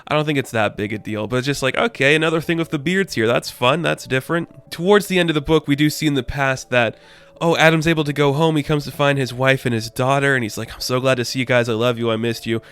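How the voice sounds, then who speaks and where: Excitable man with a smooth voice. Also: fairly high pitch, fast. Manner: excitable, slangy, peppers talk with "man" and "crazy". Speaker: comic book reviewer. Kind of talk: casual review monologue.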